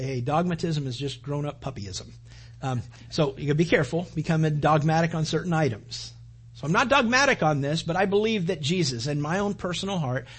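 A man's voice: a little high, slightly rough. A man preaching a sermon, retelling scripture in a conversational storytelling way and acting out quoted lines. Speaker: pastor.

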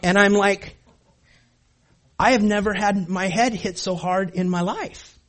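A middle-aged man telling a story about his high school football days to an audience, animated and laughing as he acts out his past self. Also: measured pace.

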